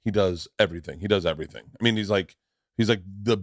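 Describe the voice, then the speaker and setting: A man's voice: low-pitched, fast, no echo. A man in his forties from Florida, hosting a podcast in casual chat and telling stories with acted-out voices and lots of swearing, on a studio mic. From Tampa, Florida. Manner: animated storyteller, acts out voices and swears freely. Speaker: podcast host.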